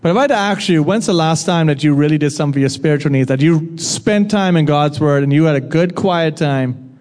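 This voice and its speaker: A man's voice: on the high side, a little fast, darkish tone. Conversational male preacher in an echoey hall. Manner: conversational, asks the audience questions and jokes with them. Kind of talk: sermon.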